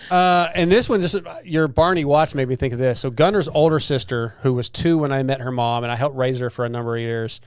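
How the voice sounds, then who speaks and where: A man's voice: medium pitch, fairly quick, hardly any pauses, smooth, no room sound, clean studio sound. A man in his forties hosting a podcast, chatting casually and telling family stories with a laugh, acting out the voices of people he quotes. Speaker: podcast host.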